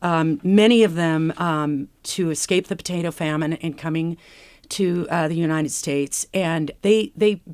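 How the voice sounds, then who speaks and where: A woman's voice: low voice, measured pace, darkish tone, clear, resonant tone, dry recording. A woman stage actor speaking earnestly and reflectively in an interview. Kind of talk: conversational interview.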